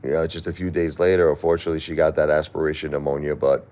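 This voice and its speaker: Very deep-voiced grieving man. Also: flat delivery, a little mellow, clean tone. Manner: halting, repeats words, grief-stricken and pleading. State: crying. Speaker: live streamer reading viewer chat. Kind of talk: emotional live-stream talk.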